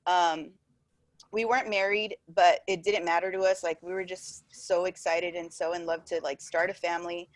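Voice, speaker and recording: A woman's voice: fairly low pitch, flat delivery, normal speed, no echo. A woman in her twenties, a podcast host, telling a personal story in casual chat, full of fillers and laughter.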